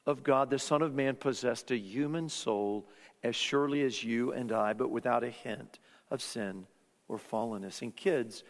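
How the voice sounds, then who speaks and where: A man preaching a sermon, earnest and emphatic, sometimes dropping to hushed tones. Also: medium pitch. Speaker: pastor. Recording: long hall reverb.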